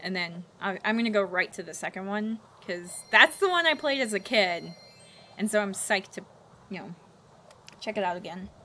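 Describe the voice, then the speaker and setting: A woman in her twenties giving gaming commentary as a let's play host, exasperated and repeating herself in rapid bursts. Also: medium pitch, expressive, sharp tone, slight background noise.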